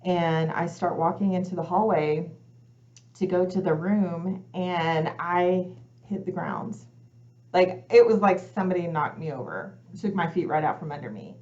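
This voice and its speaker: A woman's voice: fairly low pitch, unhurried, darkish tone. A woman, a guest coach on a talk show, telling her personal story in earnest and acting out her own past thoughts as she goes. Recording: slightly muffled lo-fi audio.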